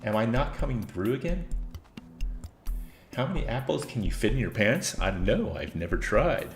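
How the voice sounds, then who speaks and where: A man's voice: mid-range voice, very animated, normal speed, faint music behind. A man streaming himself playing a video game and chatting casually, rambling and self-deprecating, often laughing at himself.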